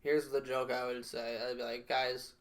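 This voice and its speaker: A man's voice: medium pitch, little pitch movement, normal speed. A young man co-hosting a podcast, chatting casually and riffing on jokey, absurd bits. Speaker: podcast co-host. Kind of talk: casual chat.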